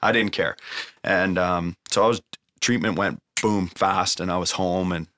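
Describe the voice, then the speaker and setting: A man's voice: low voice, steady tone, a little slow, a bit bright, dry recording, clean studio sound. A young man telling an emotional recovery story in a casual way, swearing freely and using lots of fillers. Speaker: guest sharing a recovery story.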